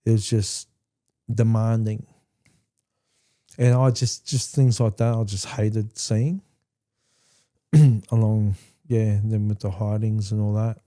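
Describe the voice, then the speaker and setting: Dark-voiced man telling his story. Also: lowish voice, steady tone. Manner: halting, with frequent restarts; candid and plainspoken. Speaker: podcast host. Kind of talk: personal storytelling.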